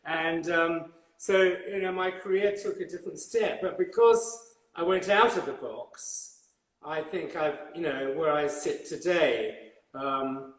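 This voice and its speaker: An older English man with a refined, old-fashioned upper-class accent tells stories in a relaxed interview. He talks in a rambling, halting way, full of repeats and fillers. His voice sits a little high for a man and rings in an echoey room. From England. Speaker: guest hairdresser. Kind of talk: conversational interview.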